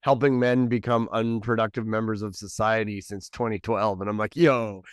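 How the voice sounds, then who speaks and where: A male comedian and podcast co-host telling a story in casual chat, animated and laughing as he acts out the dialogue. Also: fairly low pitch, normal speed, clear, resonant tone, no echo, studio quality.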